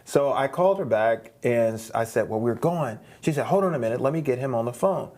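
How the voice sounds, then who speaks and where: A man's voice: mid-range voice, expressive, a little fast, darkish tone. A man, a guest singer, telling a long story in a studio interview, rambling, with many restarts and repeated words. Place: streaming studio.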